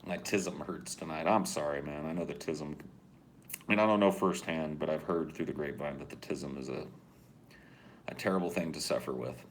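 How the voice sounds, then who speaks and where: A man co-hosting a podcast, rambling through a profane, deadpan rant in casual chat. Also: extremely low pitch, moderate pace, a little hiss or hum. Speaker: podcast co-host.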